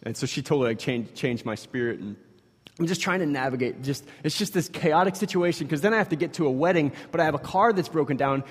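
A man in his thirties telling a personal story to an audience, animated and acting out the dialogue. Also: a little high, breathy edge. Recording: long reverb of a large hall.

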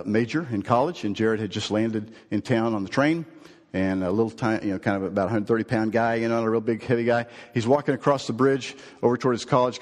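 Man preaching in a reverberant church hall. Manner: earnest, builds to emphatic phrases, then drops low and slow. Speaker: pastor. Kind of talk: sermon with storytelling. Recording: long reverb of a large hall.

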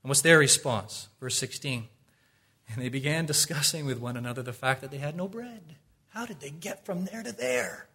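A man preaching a sermon, asking his listeners rhetorical questions and moving between low, quiet asides and loud, emphatic exhortations. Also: expressive, normal speed, vocal fry, slightly rough.

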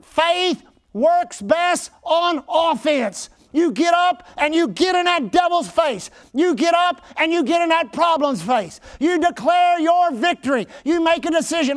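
A male pastor preaching an emphatic sermon, often shouting his exhortations. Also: very high voice, animated, measured pace.

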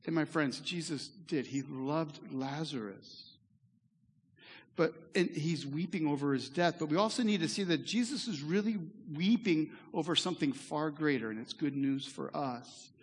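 A pastor giving a sermon in a church, earnest and conversational, with asides to the congregation. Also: male voice, on the high side, moderate pace, hardly any pauses, slightly rough. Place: church sanctuary. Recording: echoey hall reverb.

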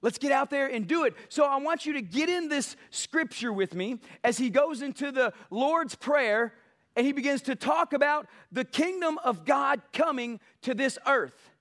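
High-voiced preacher man. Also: lively intonation, measured pace. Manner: emphatic, building passion, mocks soft quotes. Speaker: pastor. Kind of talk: sermon.

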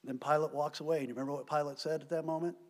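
A man preaching a sermon, stressing key words loudly and then dropping to quiet asides. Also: a little high, fairly even intonation, racing. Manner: emphatic preaching, swinging between loud stresses and quiet drops. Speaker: pastor. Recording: long hall reverb.

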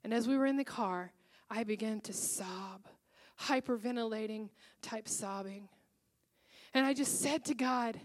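A woman pastor delivering a sermon in a church, sharing her own story with earnest emotion. Her voice sits somewhat high. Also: a little slow. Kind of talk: sermon with personal testimony. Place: church before a congregation.

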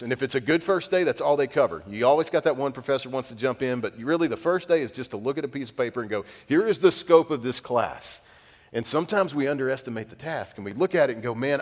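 A man preaching a sermon as pastor, telling conversational, self-deprecating stories. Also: mid-range voice. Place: church sanctuary. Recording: long reverb of a church hall.

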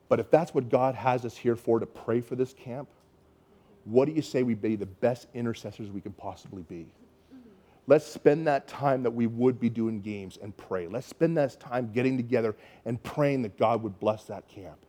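Canadian-raised male pastor, lively sermon storyteller, acts out each quoted voice. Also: medium pitch.

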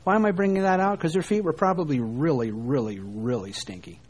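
A male preacher delivering a sermon in a somewhat high voice. He swings between loud emphasis and quiet asides, and he keeps asking his listeners questions. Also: fairly quick, slightly rough. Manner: animated, rising and falling emphasis, rhetorical questions.

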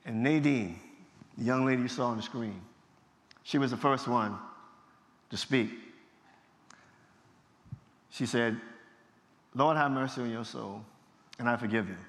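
A man's voice: medium pitch, measured pace, pauses often, fairly bright tone. A middle-aged man, a pastor telling his story, acting out the dialogue and laughing at himself. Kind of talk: storytelling testimony talk. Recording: long hall reverb from a large venue.

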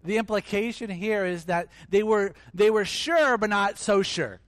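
A man's voice: sits high, a little slow, fairly bright tone, dry recording. A male pastor preaching a sermon in a conversational, emphatic way, acting out little scenes as he goes.

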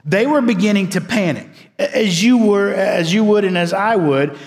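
A man preaching a sermon as a pastor, swinging between loud emphasis and hushed, quiet passages. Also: sits high, normal speed, creaky, big-room sound.

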